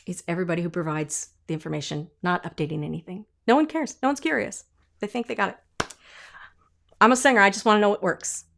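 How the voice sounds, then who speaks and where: A woman vocal coach teaching an online singing lesson, demonstrating sounds and acting out little voices. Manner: animated, demonstrates sounds and sung notes; acts out imagined voices with leaps in pitch.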